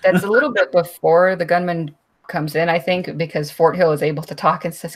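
A woman recapping a story in a relaxed book discussion, easy and unhurried. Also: fairly low pitch.

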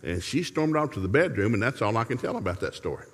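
A man's voice: on the low side, big pitch swings, fast, in a large hall, noisy background. A middle-aged man preaching a humorous sermon in a folksy, joking way, telling stories from his family life.

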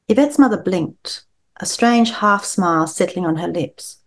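A woman author reads her novel aloud with expressive shaping, then chats in a relaxed way. Her voice sits fairly low, and her talk is full of quick restarts. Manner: expressive reader, chatty with restarts. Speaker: novelist guest. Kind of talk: reading aloud and interview chat.

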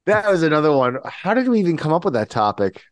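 A man's voice: fairly high pitch, very animated, fast, no room sound, studio quality. A man co-hosting a podcast, joking with his friends and steering the talk with questions. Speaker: podcast co-host. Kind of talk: casual chat.

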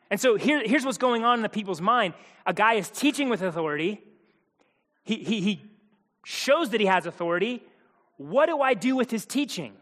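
Male pastor, high-pitched, conversational sermon delivery with wry asides; church hall reverb. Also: a bit bright. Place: church auditorium stage.

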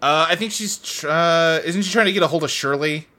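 A man's voice: a little high, brisk, sharp tone. A man co-hosting a casual podcast chat, acting out scenes in funny voices, swearing and laughing often. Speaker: podcast co-host.

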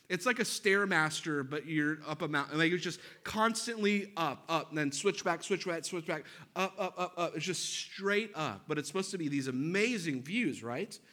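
A man in his thirties, a pastor, preaching with a lively personal story and self-deprecating humor. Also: a little high.

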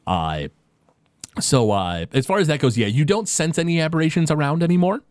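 A man's voice: on the high side, lively intonation, a little fast, darkish tone, no echo, clean studio sound. A man narrating a tabletop game as the game master, who rambles and uses many fillers.

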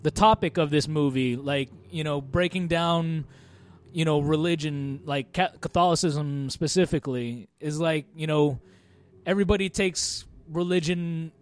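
A high-pitched man talks casually with a friend about movies, swearing freely and breaking into laughter. His voice sits high for a man and stays loose and relaxed. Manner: swears a lot, laughs often, acts out quotes loudly. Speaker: podcast co-host. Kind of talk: casual chat.

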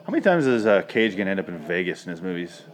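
A man's voice: sits low, very animated, rapid-fire. A man casually reviewing a movie, rambling and sarcastic, with a lot of swearing.

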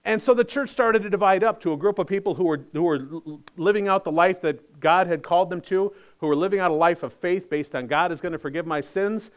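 A man's voice: sits high, a little fast, hardly any pauses, muffled recording. A man pastor giving a sermon in a conversational, emphatic way with wry humor.

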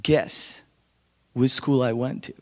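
A young man from India with an Indian accent, sharing his testimony to a church congregation as an animated storyteller who acts out the voices of people he quotes. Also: mid-range voice, takes it slowly. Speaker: guest speaker sharing testimony. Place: church sanctuary. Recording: long hall reverb.

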